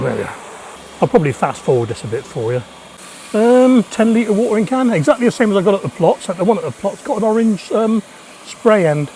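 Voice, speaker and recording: Man, lively up-and-down voice, somewhat high, casual gardening chat outdoors. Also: husky. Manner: chatty, muttering asides while working. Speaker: allotment gardener vlogger. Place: outdoors at an allotment plot.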